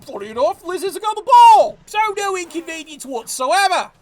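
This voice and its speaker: A man's voice: extremely high pitch, sing-song, moderate pace. A man giving live play-by-play commentary on a game, profane and exasperated, scolding the players.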